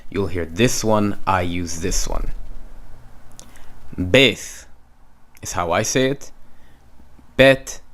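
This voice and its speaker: A man's voice: low voice, normal speed, few pauses. A man teaching Hebrew letters, patiently repeating each sound and stroke several times. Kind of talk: slow step-by-step lesson.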